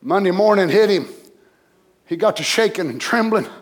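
A man preaching a sermon, dropping to low murmurs and rising to loud shouts. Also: expressive, normal speed.

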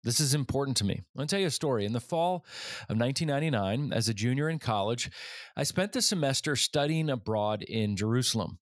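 A man's voice: medium pitch, lively intonation, fast, no echo, clean studio sound. A man in his forties hosting a leadership podcast, telling a personal story in an earnest way and getting livelier when he acts out other people. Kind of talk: storytelling monologue.

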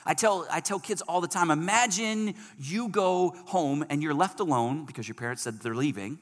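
A man's voice: fairly high pitch, moderate pace, hardly any pauses. Preaching man in a reverberant hall. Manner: animated preaching, swings from loud emphasis to soft. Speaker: pastor. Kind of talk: sermon. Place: church service hall. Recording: long reverb of a large hall.

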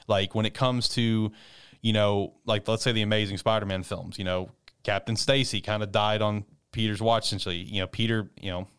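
A man's voice: lowish voice, fairly even intonation, a little fast, a bit bright, clear, resonant tone, no room sound, studio quality. A man in casual podcast chat about a film, rambling with lots of "like" and "you know". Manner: rambling, full of "like" and "you know", acts out quotes. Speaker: podcast co-host discussing a film.

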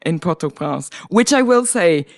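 A woman's voice: lowish voice, normal speed, gravelly. A woman from Northern Ireland with a Northern Irish accent, a guest poet telling a story in a casual interview with laughter and many restarts. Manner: animated, laughing, full of restarts and asides.

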